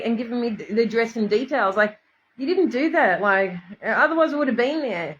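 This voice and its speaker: A woman's voice: a little high, a little fast, a bit bright, lo-fi sound, slight background noise. An Australian woman rambling to her viewers on a livestream, emotional and swearing freely, answering commenters as she goes. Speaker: vlogger addressing viewers.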